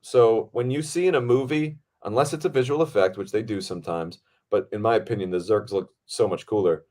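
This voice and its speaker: A man hosting a podcast, telling a set story in a casual, animated way, with frequent swearing and fillers. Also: lowish voice, brisk. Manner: animated, profane, lots of fillers. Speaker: podcast host.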